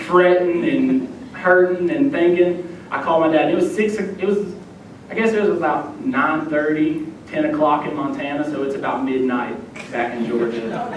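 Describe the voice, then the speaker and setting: A young youth minister preaches a sermon in a church sanctuary, telling a personal story and acting out the voices of the people he quotes. The recording comes from a distant mic in an echoey church hall, with a faint rumble underneath.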